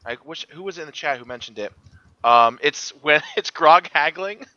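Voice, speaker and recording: A man on a casual panel, telling stories excitedly and laughing often. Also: a little high, normal speed, no room sound. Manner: excitable, laughing, animated storytelling. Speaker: panel guest. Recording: dull, dry lo-fi sound.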